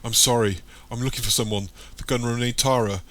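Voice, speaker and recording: Frantic young guy, breathless and anxious, kinda loud, man reading it. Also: mid-range voice, steady tone, a little fast, slight background noise, natural voice. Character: panicked young man searching for family.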